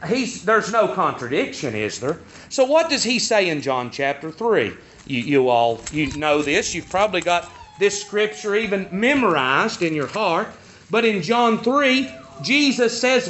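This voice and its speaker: Bright high-voiced preacher, lo-fi. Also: male voice, very animated, a little slow. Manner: emphatic preaching, repeating words for stress. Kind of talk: sermon.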